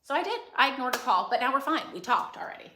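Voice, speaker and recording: A woman's voice: high-pitched, big pitch swings, quick pace, pushed and bright, roomy sound, a little hiss or hum. A woman who runs a small business, chatting candidly and venting on a live stream. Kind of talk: casual live-stream chat.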